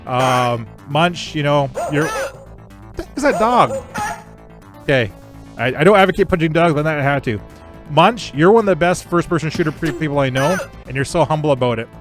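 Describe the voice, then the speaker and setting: A male streamer chatting casually and rambling through thanks to his viewers. His voice sits a little high, with faint game music playing underneath. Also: fairly quick. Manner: friendly, rambling shout-outs. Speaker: streamer host.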